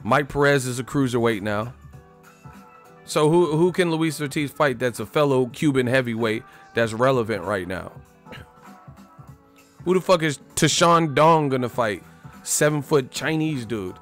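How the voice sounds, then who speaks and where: A man's voice: mid-range voice, unhurried, soft background music. Profane man ranting about boxing. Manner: profane, mocking, loud outbursts and sing-song impressions. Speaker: boxing commentator. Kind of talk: casual ranting commentary.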